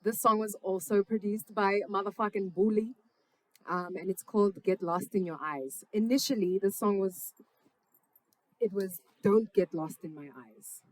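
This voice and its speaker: With a medium-pitched voice at a measured pace, a young woman chats casually between songs at a live session in her parents' backyard, outdoors. The singer-songwriter is relaxed and affectionate, leaning on slang and swearing freely. The audio has no room sound but is of poor quality.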